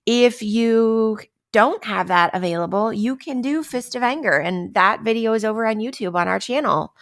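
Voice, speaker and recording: Expressive woman podcast host. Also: on the high side, normal speed. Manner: expressive, acts out everyday stress scenes; conversational, checks in with "right?". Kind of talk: casual wellness talk.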